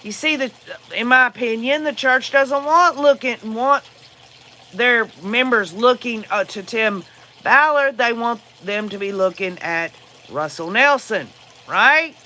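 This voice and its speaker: A man's voice: very high voice, a little slow, sharp tone, a little hiss or hum. A man with a Southern US accent hosting a casual livestream, answering viewer comments in a rambling, opinionated way. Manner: rambling and opinionated, with frequent fillers. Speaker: livestream host.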